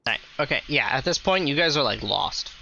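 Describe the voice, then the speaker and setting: Give me a man game master narrating in a rambling, filler-heavy way, bright and slightly lo-fi. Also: mid-range voice, animated, a little fast, creaky, slight background noise.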